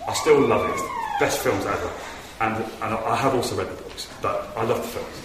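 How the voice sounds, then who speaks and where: A man's voice: lowish voice, wildly swooping pitch, a little fast, fairly bright tone. A man giving an earnest, conversational sermon in a church hall, telling stories with animation. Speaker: preacher. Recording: echoey hall from far off with noise.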